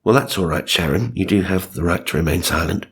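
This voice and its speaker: A man voicing a stiff, formal male village policeman in an officious, husky low voice. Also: a little fast, natural voice.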